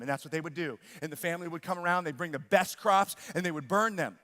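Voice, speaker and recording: A man in his thirties preaching a sermon, telling a family story with lively acted-out voices and sudden loud exclamations. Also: a little high, fast talker, hardly any pauses. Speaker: pastor. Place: church sanctuary. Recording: long reverb of a large church hall.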